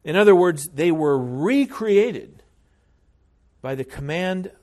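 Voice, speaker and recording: A man preaching a sermon as pastor, speaking in a measured, deliberate way with frequent hesitations. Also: fairly high pitch, animated, a little mellow.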